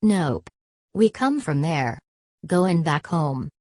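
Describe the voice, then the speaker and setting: A woman's voice: low-pitched, sing-song, slow, darkish tone, no room sound, heavily acted. A woman reading the part of a weary migrant father who speaks in a plain, bitter drawl, in an audiobook.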